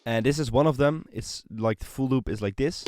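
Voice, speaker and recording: A man teaching music production in a screen-recorded tutorial, explaining in a relaxed way with many fillers. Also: mid-range voice, brisk. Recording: voice over loud synth and drum loops.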